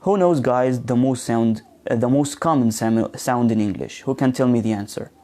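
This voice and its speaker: A warm, mid-range male voice leads a live online pronunciation session. The teacher talks slowly with frequent hesitation and fillers, modeling words for students and asking them questions.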